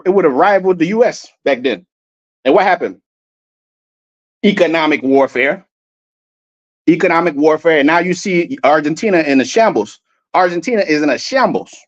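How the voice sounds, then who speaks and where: Heated, profane man preaching on lo-fi audio. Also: high voice. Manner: heated, profane, repeats and restarts words. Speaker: street preacher. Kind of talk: fiery preaching over video clips.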